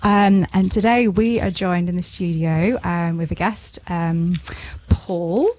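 A woman's voice: fairly low pitch, slow pace, darkish tone, dry recording. A woman hosting a casual radio business show in the studio, bubbly and laughing, with lots of ums.

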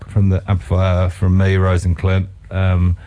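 A man hosting a radio music show, effusive and quick to call his guest mate. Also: deep voice, completely flat delivery. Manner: warmly enthusiastic, says mate a lot. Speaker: radio host. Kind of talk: casual radio interview.

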